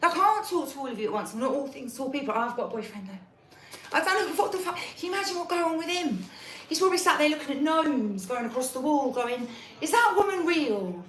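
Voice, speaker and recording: A woman rambles through a restless monologue, swearing and hopping between topics. Her voice sits fairly high and comes from some way off the mic in an echoey room with a faint hum behind. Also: expressive, fast talker, fairly bright tone, recorded from a distance.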